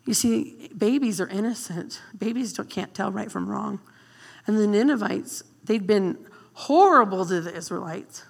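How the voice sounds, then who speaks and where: Husky woman preacher in an echoing hall. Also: mid-range voice, moderate pace. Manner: emotional, animated storytelling. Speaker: guest pastor. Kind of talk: sermon.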